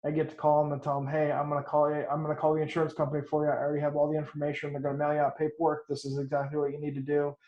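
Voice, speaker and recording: A man tells an earnest client story at a quick pace, his voice slightly high and flat. The audio is echoey and dull, like a video call from a bare room. He speaks as an insurance agent in a team huddle. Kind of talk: casual team meeting story.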